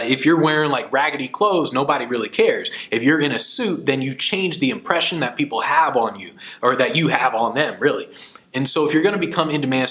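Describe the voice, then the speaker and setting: A man's voice: medium pitch, a bit bright. A man giving casual, earnest advice on how a speaker can sound in demand, often restarting his words. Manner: storytelling, acts out voices in quotes. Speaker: speaking coach.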